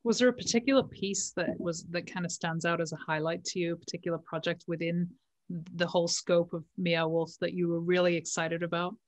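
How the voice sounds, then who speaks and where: A woman's voice: lowish voice, steady tone, a little fast, dry recording. A woman hosting a casual interview, chatty and often checking for agreement. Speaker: podcast host.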